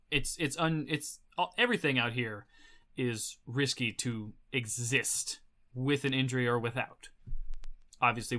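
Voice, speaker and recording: A man narrating a tabletop game as game master, describing scenes in a vivid, measured way. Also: medium pitch, pushed and bright.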